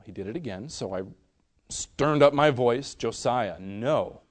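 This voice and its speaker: A young male preacher delivering a sermon with earnest conviction. His voice is mid-pitched and swings widely, rising to loud emphasis and dropping to near-whispered tenderness. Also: lively intonation, normal speed.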